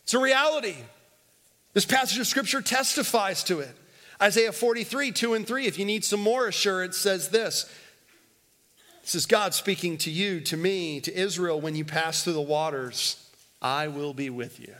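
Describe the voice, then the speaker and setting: A male pastor preaching a sermon, emphatic and repetitive, swinging between loud and hushed, leading the congregation in call-and-response. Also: sits high, moderate pace. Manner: repeats phrases and leads the congregation in call-and-response. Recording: long hall reverb.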